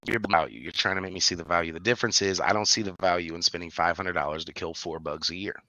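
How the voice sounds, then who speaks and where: Deep-voiced man telling a lively story. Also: fast talker, no echo. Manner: animated storyteller, breaks into high-pitched laughing bursts. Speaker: podcast co-host. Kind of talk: casual chat.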